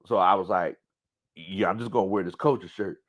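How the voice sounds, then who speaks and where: A man hosting a casual sports talk show, animated and quick to laugh. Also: low-pitched, lo-fi sound. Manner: animated, breaks into loud laughs and shouts, does voices.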